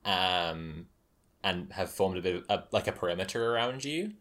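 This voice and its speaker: A man running a tabletop game as game master, narrating haltingly with lots of fillers. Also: deep voice, lively intonation, a bit bright. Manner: halting, many fillers and restarts, laughs often.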